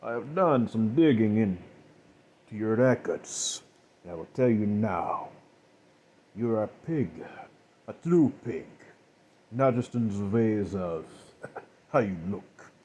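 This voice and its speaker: Man voicing a cold, slow-spoken killer, husky, mocking. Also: on the low side, expressive, mellow, highs cut off. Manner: slow, measured, coldly mocking. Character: calm, menacing male killer, cold and contemptuous.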